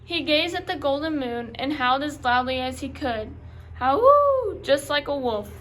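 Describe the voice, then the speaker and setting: A young woman reading a children's book aloud, in clear, carefully paced read-aloud style. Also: high-pitched, normal speed, a bit bright, slight background noise, poor audio. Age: young adult. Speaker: reader.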